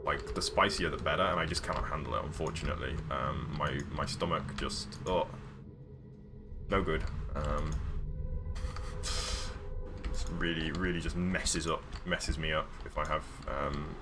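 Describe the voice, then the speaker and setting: A man's voice: very deep voice, fairly even intonation, unhurried, background noise. A man chatting casually on a livestream as he paints, rambling with lots of ums and restarts. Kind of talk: casual stream chat while painting. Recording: music playing under the voice. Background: background music, keyboard typing.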